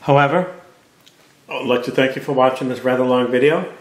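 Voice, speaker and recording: A man's voice: mid-range voice, fairly even intonation, fast talker. A man, a cooking show chef, giving casual commentary as he tastes a dish and talks while eating. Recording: roomy kitchen echo, faint clatter.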